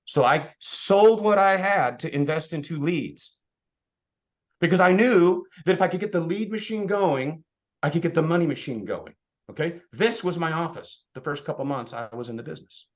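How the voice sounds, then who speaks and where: A man giving a blunt, fired-up motivational talk to his team, swinging between loud bursts and hushed asides. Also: a little high, normal speed, muffled recording. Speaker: insurance agency leader speaking to his team.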